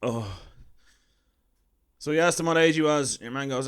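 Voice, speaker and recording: Irish man, thirties, mid-pitched, wry self-deprecating comic storyteller. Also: normal speed, clear, resonant tone. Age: 30s. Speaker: comedian storyteller.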